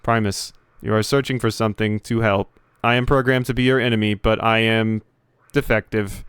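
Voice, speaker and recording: A man's voice: lowish voice, fairly even intonation, moderate pace, fairly bright tone, smooth, no echo, studio quality, close to an everyday voice. Man voicing a defective game robot. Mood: measured. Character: defective male robot, flat and measured.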